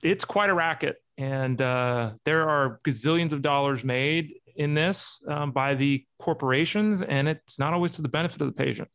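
A man's voice: on the high side, moderate pace, hardly any pauses, a bit bright, clear, resonant tone. A man in his forties talking as a podcast guest, speaking hesitantly with many ums and restarts. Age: 40s. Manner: hesitant, filler-heavy. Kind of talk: casual podcast chat.

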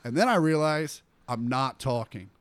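A middle-aged male comedian tells stories in a casual podcast chat, acting out the voices of the people in them. His voice is medium in pitch and his pace moderate. The recording has no room sound.

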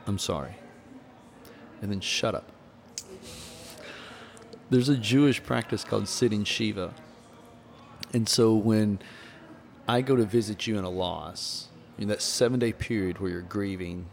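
A man's voice: fairly low pitch, gravelly. A man who was once a minister, talking earnestly and telling stories in a candid conversation about grief. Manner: storytelling, earnest, preacherly. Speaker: podcast host, former minister.

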